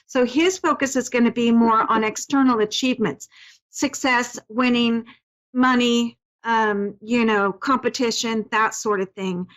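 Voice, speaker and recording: Soothing woman medium, somewhat high voice. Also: fairly even intonation, measured pace, a bit bright, rough recording. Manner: soothing, reassuring, talks in fillers and restarts. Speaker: psychic medium host. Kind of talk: psychic reading on a call-in show.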